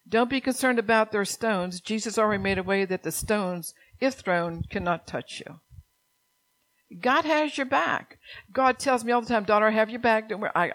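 A middle-aged woman pastor preaching a sermon, earnest and direct with her congregation, dropping soft and low at times and rising to urgent exhortation. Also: rough recording. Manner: addresses the congregation directly with "church" and "amen".

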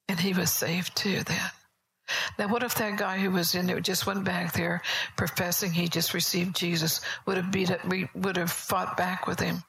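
Gravelly-voiced woman preaching softly. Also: on the low side, flat delivery, normal speed, rough recording. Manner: conversational storytelling, soft and often whispery. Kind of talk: sermon. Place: church service.

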